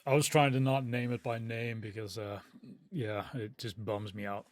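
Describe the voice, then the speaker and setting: A man's voice: fairly low pitch, level tone, moderate pace. A man co-hosting a podcast in casual chat, laid-back and joking, who meanders as he talks. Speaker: podcast co-host.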